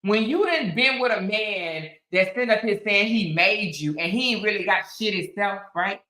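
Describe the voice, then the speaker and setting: Female host, sassy and emphatic, bright voice in a roomy space. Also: mid-range voice, lively intonation, normal speed. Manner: sassy, emphatic, talks back to chat. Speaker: commentary show host. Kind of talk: casual commentary stream.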